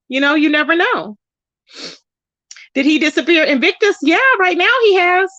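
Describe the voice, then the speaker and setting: A woman's voice: high-pitched, fairly quick, a bit bright, no room sound, highs cut off. A woman hosting a casual livestream, talking to viewers and reading their comments aloud. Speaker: livestream host.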